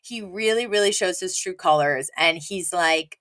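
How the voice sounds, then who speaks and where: A woman's voice: lowish voice, normal speed, fairly bright tone. A woman co-hosting a podcast, recapping an episode in casual chat, animatedly quoting characters and laughing often. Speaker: podcast co-host.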